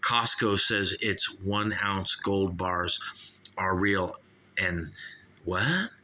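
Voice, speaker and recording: A man hosting his own comedy show, rambling and cracking jokes with casual profanity. His voice is bright and forceful, and his pace stays slow and drawn out. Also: low-pitched, slight background noise. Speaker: show host. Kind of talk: comic monologue.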